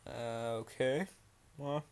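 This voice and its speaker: A young man reads a creepypasta at an unhurried pace, his voice pitched in a middle range. He keeps stopping to ramble and mock the story, with plenty of fillers along the way. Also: steady tone, a little mellow, clear, resonant tone. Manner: rambling, with many fillers and mocking asides. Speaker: creepypasta reader. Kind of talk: reading a creepypasta with commentary.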